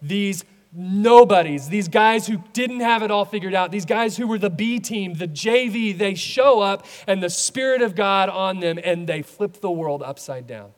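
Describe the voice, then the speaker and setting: A man preaching a sermon as a pastor, animated, acting out voices in his stories. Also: high-pitched, normal speed, few pauses, big-room sound.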